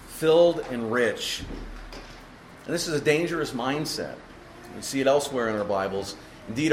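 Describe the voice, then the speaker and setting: Male preacher, mid pitch, emphatic teaching sermon, roomy echo with a faint hum behind. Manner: expository, asks rhetorical questions, emphatic. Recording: echoey room with faint ambience.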